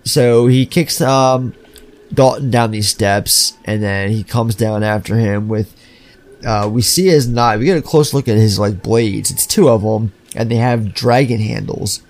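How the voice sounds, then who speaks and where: Gravelly man ranting about a film. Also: fairly low pitch, measured pace. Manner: animated, profane, acts out scenes. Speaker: podcast co-host. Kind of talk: casual film review chat.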